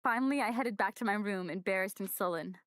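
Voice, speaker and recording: Excitable woman streaming a game. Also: medium pitch, quick pace, dry recording, studio quality. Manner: excitable, swears casually. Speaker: let's play streamer. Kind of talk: game playthrough, reading aloud and commenting.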